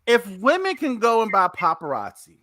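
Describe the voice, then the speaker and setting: A man hosting a casual podcast, his voice bright and forward. He swings up and down in pitch as he brags and jokes, and he laughs a lot. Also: huge pitch swings, normal speed, no room sound, rough recording. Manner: joking, boastful, laughs often. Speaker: podcast host. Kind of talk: casual banter.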